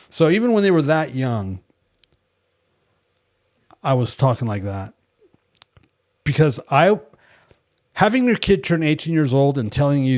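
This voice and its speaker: Animated man leading a devotional study. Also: mid-range voice. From California. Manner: animated storyteller acting out quoted voices; wry, joking asides. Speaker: Bible study leader. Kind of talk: casual devotional teaching.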